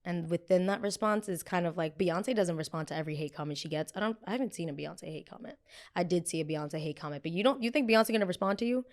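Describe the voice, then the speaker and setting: A young woman hosting a pop culture podcast in a blunt, gossipy, animated chat style. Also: on the low side, fast. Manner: animated, gossipy and blunt, with frequent quoted voices. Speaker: podcast host.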